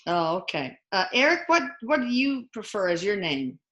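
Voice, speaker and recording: A woman's voice: mid-range voice, big pitch swings, normal speed, a bit bright, dull audio. A woman hosting a casual interview, chatty and jokey as she asks her questions. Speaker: host, interviewer. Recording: echoey room.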